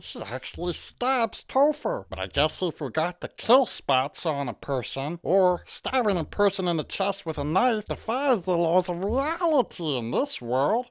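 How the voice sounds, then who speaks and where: A woman narrating a sarcastic, profane comedic movie review. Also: deep voice.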